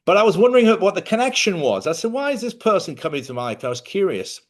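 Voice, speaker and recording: A man's voice: high-pitched, big pitch swings, fast. A middle-aged man hosting a casual spiritual talk to viewers, chatty and rambling, correcting himself and laughing often. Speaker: host.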